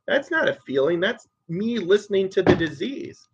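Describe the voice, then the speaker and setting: A man's voice: high-pitched, expressive, moderate pace, few pauses, pushed and bright, muffled recording, a little hiss or hum. A man in his thirties giving an earnest, conversational personal share at a recovery meeting, repeating phrases for emphasis.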